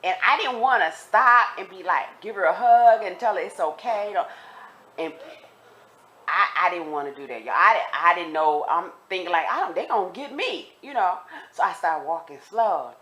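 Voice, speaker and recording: Woman, casual storytelling, animated, talks straight to viewers, repeats for emphasis, low voice. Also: normal speed. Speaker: vlogger telling a personal story.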